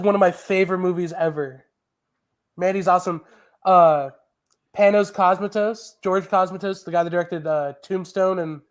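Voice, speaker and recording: A man with a fairly high voice talks movies in loose, casual chat. He rambles with excitement, stacking fillers and restarting his sentences as he goes. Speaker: podcast co-host.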